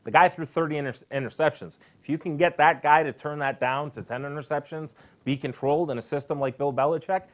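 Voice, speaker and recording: A man's voice: on the high side, quick pace, few pauses. A man co-hosting a sports betting podcast, agreeable and prone to stammering on repeated words. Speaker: podcast co-host. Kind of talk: casual sports betting talk.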